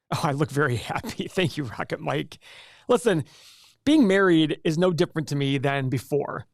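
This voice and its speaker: A man's voice: on the high side, dry recording, studio quality. A man in his forties hosting a casual livestream, chatting loosely and reading viewer comments aloud. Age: 40s. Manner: chatty, rambling, reads chat aloud. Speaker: livestream host.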